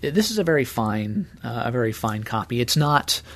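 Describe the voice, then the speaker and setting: Male expert guest, mid-pitched, calm and explanatory. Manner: measured, explanatory. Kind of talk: explanatory interview talk.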